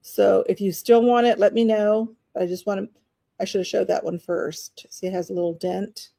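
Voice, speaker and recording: Woman host, live-stream auction seller, casual rambling chat, mid pitch. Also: fairly even intonation, normal speed, vocal fry. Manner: chatty, rambling, warm toward bidders, many fillers.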